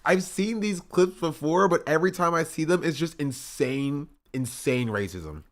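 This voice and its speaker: A man's voice: fairly high pitch, expressive, moderate pace. A man streaming live, casually reacting to clips and chatting with his viewers, often repeating himself. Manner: chatty, repeats himself, reads chat aloud.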